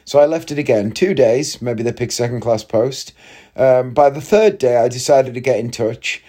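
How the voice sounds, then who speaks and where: A man's voice: medium pitch, animated, normal speed, dark tone. A man, telling a long story in a chatty, rambling way with wry asides. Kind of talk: casual storytelling monologue.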